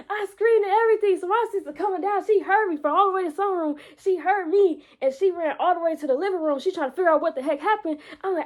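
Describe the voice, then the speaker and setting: A young woman vlogging, telling a personal story casually and animatedly, repeating words and growing loud when excited. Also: very high-pitched, fast. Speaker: vlogger and entrepreneur.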